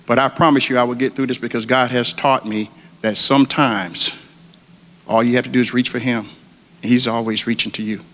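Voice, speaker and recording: A man's voice: mid-range voice, fairly even intonation, fairly quick, a bit bright. A middle-aged man addresses a ceremony, then slips into a heartfelt prayer. His delivery is earnest and repetitive, with a preacher's cadence. The sound rings with the long reverb of a large hall. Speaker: retired firefighter leading prayer. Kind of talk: ceremony speech and spoken prayer.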